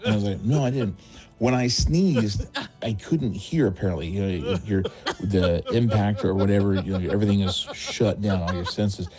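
A middle-aged man, his voice low and mellow, rambles through a self-mocking story packed with fillers. Faint music sits underneath. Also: moderate pace. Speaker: caller telling a story. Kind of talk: casual phoned-in anecdote.

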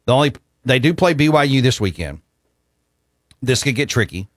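A man's voice: medium pitch, expressive, moderate pace, dry recording, studio quality. Easygoing man hosting sports talk. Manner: easygoing, reads listener texts aloud. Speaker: sports talk show host. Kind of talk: casual sports chat.

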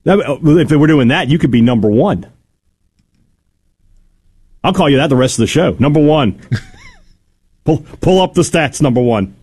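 A man's voice: fairly high pitch, a little slow, pauses often, breathy edge. A man hosting a sports radio show from a studio, joking and bantering with his co-host. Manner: lively, joking, reads ads conversationally.

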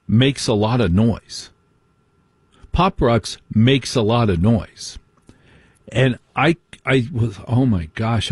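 A man's voice: mid-range voice, breathy edge, no room sound. A man hosting a late-night call-in radio show in a chatty, joking way, talking into a studio mic. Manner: chatty, joking, asides and laughs. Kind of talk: casual call-in radio chat.

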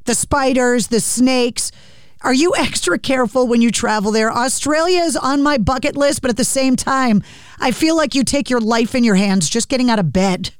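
A woman radio host speaks in a smooth, resonant voice. The sound is dry and close. She is chatty and quick to react. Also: on the high side, no room sound. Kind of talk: radio interview hosting.

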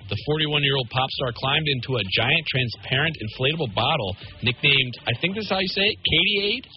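A man reading quirky news items on a radio show, brisk with small stumbles. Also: medium pitch, lively intonation, muffled recording, a little hiss or hum.

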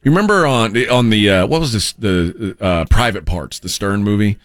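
Radio co-host, man, low voice, rambling banter in a dry studio. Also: lively intonation, moderate pace, no room sound. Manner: rambling, restarts and loose storytelling.

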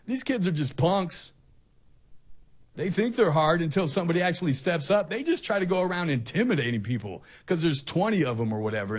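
A male talk show host delivering an impassioned, ranting opinion monologue, often repeating himself. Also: on the high side.

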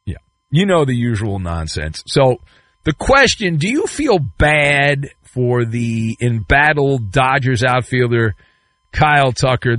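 A male podcast host giving a sarcastic, mocking comedic sports rant with sudden jumps in pitch. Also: fairly bright tone, no room sound.

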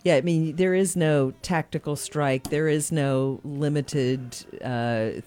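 A woman's voice: low-pitched, takes it slowly, dark tone. A woman co-hosting a casual political talk show, indignant and emphatic, laughing often. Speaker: co-host.

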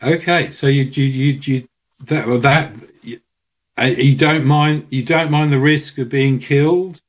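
A man appearing as a guest on a radio show, explaining things in a careful, measured, sometimes halting way. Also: medium pitch, fairly even intonation. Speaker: studio guest. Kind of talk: radio interview.

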